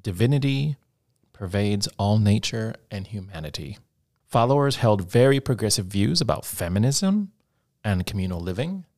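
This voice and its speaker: A man with a fairly low voice co-hosts a podcast. He speaks in an earnest, explanatory way and keeps it casual and conversational. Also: sing-song, moderate pace, darkish tone. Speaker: podcast co-host. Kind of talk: casual chat.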